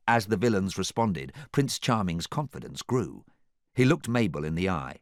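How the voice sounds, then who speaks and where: A man narrating a children's audiobook with an animated, expressive reading. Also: deep voice, normal speed, no room sound, clean studio sound.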